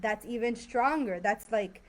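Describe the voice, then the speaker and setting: A woman's voice: a little high, measured pace. A woman teaching an online English grammar class, explaining patiently with lots of fillers and frequent "right?" checks. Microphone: video call.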